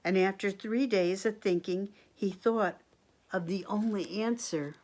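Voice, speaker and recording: Woman teacher, slow read-aloud storytime voice, expressive, asks kids questions. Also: mid-range voice. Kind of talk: picture-book read-aloud for children.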